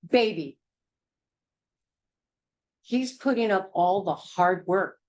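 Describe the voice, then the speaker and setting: A woman's voice: on the high side, slow pace, long pauses, darkish tone, low-quality recording. A woman teaching a childbirth class in a blunt, emphatic, hard-hitting way. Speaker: childbirth educator.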